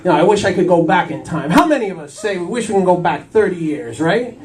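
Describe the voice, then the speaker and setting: A man's voice: sits high, sing-song, quick pace. A man in his fifties doing a stand-up routine on a small cafe stage, forever saying "I'll tell you" between jokes. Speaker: stand-up comedian. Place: small cafe stage before a live audience. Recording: voice from far off in a cafe.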